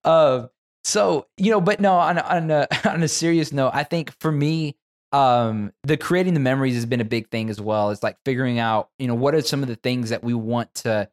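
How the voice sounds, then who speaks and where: A man's voice: medium pitch, normal speed. A young man chatting casually as a co-host, easygoing and hesitant, often repeating his words. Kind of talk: casual chat.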